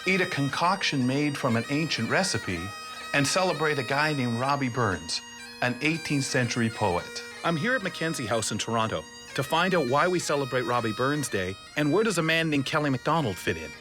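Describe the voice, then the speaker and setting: A man hosting a comedic TV segment, delivering wry, deadpan jokes. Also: mid-range voice, brisk. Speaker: host. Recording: music behind.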